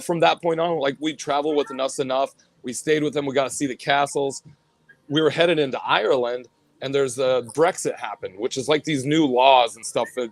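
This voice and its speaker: A man talking in a relaxed interview, his voice sitting at an ordinary middle pitch and recorded close and dry with no room sound. He tells his stories with animation, slipping into the voices of the people in them. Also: no room sound. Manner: animated storyteller, acts out what others said. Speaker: guest musician, band vocalist and bassist. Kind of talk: casual interview chat.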